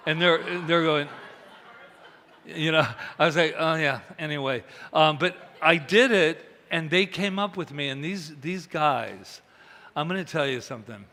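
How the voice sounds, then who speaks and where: Bright-voiced man preaching in an echoing hall. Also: on the high side, measured pace. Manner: chatty, animated, acts out quoted voices. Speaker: minister. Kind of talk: conversational sermon with storytelling. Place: church hall. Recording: reverberant hall.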